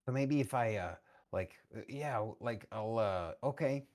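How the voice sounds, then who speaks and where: A man's voice: lowish voice, animated, moderate pace, darkish tone. A man playing in a tabletop game, hesitant and full of fillers. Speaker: player. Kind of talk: casual tabletop role-play.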